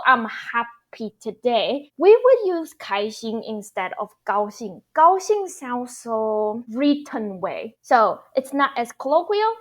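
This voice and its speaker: A young woman whose first language is Mandarin teaches a casual online lesson. Her voice sits fairly high, and she takes her time, repeating each phrase so learners can practice. She explains with easy fillers along the way.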